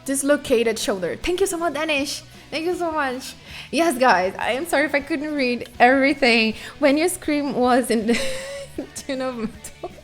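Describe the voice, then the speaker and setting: Animated woman streamer. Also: high voice, normal speed, soft background music. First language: Portuguese. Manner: animated, swears freely, acts out sounds and screams. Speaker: live streamer. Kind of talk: casual storytelling to chat.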